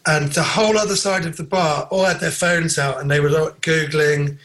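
A man's voice: a little high, normal speed. A man with a British accent, a comedian telling a sweary anecdote in casual podcast chat. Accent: British English. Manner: sweary, animated storytelling with voiced quotes.

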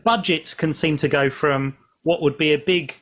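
Male interviewer, higher voice. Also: fairly even intonation, a bit bright. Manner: searching questions, halting restarts. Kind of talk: casual interview chat.

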